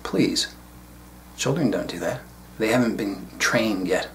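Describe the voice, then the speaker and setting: Low-voiced man giving a reflective talk. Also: lively intonation, a little hiss or hum. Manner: reflective, unhurried, casual asides. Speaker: spiritual teacher. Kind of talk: solo video talk.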